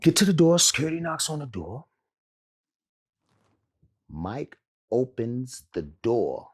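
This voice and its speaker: Animated, profane man telling a story. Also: mid-range voice, slow, husky. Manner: profane, laughs through his story, acts out quotes. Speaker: interview guest.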